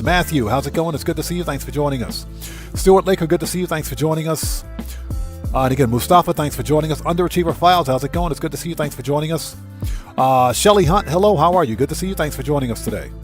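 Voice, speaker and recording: Fired-up male streamer, higher voice. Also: expressive, fast talker, soft background music. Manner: fired-up and indignant, greeting chatters by name. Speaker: livestream host. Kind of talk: ranting livestream chat.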